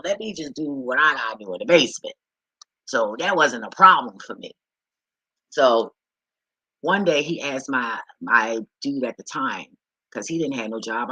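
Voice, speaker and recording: A woman's voice: extremely low pitch, husky, dry recording, rough recording. Blunt, profane woman ranting candidly. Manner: profane, blunt, animated storytelling. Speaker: vlogger. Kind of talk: candid rant to viewers.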